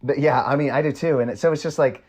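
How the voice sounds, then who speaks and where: A man's voice: mid-range voice, fast talker, a little mellow, breathy edge. Hesitant man adding thoughts on a film. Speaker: podcast co-host. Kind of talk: casual movie review chat.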